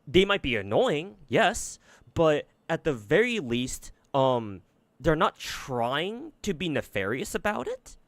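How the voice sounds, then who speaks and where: A gacha game streamer gives casual, rambling commentary on games, swearing often and full of fillers and restarts. His voice sits on the high side with big pitch swings and a slow delivery. There's no room sound.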